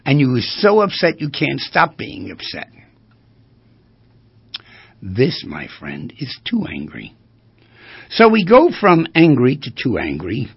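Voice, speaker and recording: Man, therapist, gravelly husky voice, lively rises and falls, dull lo-fi recording. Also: mid-range voice, slow pace, pauses often, no echo. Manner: animated, asks rhetorical questions. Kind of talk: lecture-style monologue.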